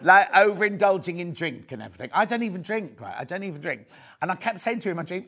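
A middle-aged man presenting a live shopping channel, chatty and excitable, often raising his voice. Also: high-pitched, fast, husky. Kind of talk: live TV sales pitch. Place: TV studio.

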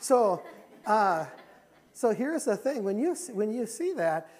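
A middle-aged man preaching a sermon in a church. He talks emphatically, repeats his key phrases, and moves between loud and quiet passages. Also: sits high, big pitch swings, slow. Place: church sanctuary.

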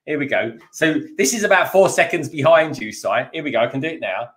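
A man with a slightly high, very lively voice chats as a guest on a live build stream. He laughs easily, stumbles over repeated words and leans on certain words for emphasis. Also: brisk. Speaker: guest co-host. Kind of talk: casual live-stream chat.

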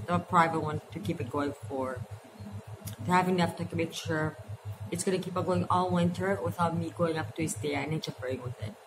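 Middle-aged woman vlogger, slightly low voice, chatty and rambling, noisy ambience behind. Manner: rambling, chatty retelling with quick asides. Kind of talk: casual storytelling vlog.

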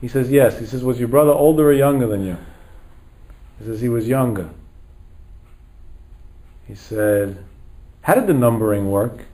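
A man delivering a sermon as a rabbi, telling a story in sprinkled phrases. His voice sits in an ordinary middle pitch. He acts out each character's words, swells to emphatic highs and sinks to hushed low lines. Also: normal speed, long pauses, poor audio. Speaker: rabbi lecturer.

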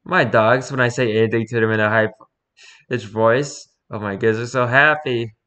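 A man's voice: mid-range voice, steady tone, normal speed, a bit bright. A man casually reading posts aloud and reacting with wry, amused comments. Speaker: streamer reacting to memes. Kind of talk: casual chat.

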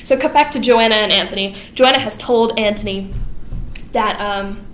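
A woman's voice: mid-range voice, moderate pace, fairly bright tone, reverberant, a little hiss or hum, low-quality recording. A woman vlogger giving a casual plot summary in a chatty, irreverent way.

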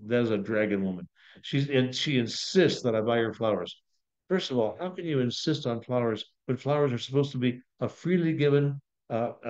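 A man's voice: medium pitch, a little mellow. A man pastor teaching a Bible study in a conversational storytelling manner. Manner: conversational, storytelling, acts out quotes. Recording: dull lo-fi video call audio.

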